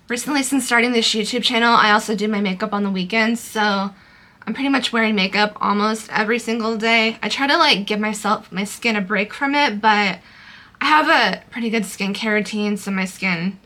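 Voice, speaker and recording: A woman's voice: a little high, sharp tone. A young woman chatting casually through a makeup tutorial, loose and full of fillers. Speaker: beauty vlogger.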